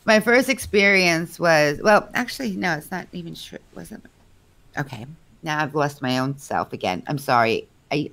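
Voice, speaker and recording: Woman with a real low voice, rambly storytelling, keeps correcting herself. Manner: rambling, self-correcting, animated when quoting others. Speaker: guest. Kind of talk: telling a personal story in a live chat.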